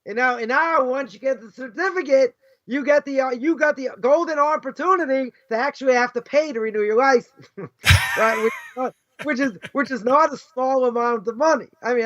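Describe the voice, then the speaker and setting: A man's voice: very high-pitched, a little fast, a bit bright. A middle-aged man from the United States, a rabbi teaching a casual, conversational lesson, full of rhetorical questions and "right?" and "you know". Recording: dull lo-fi recording.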